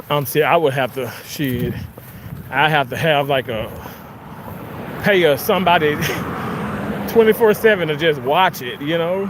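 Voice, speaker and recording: Profane street vlogger on noisy sidewalk. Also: mid-range voice. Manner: profane, excitable, bursts into sung snippets and laughter. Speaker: vlogger streaming on a walk. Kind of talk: rambling casual commentary to viewers. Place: outdoors on a street sidewalk with trees and cars. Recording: noisy outdoor street recording.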